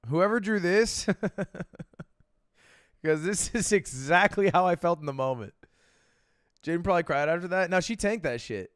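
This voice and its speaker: A man in his twenties talks through a video in loose, rambling reaction commentary. He laughs easily and fills his speech with "like". His voice sits fairly high and swings widely in pitch, and the recording is dry and close. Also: no echo. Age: 20s. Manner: animated, laughing, filler-heavy rambling.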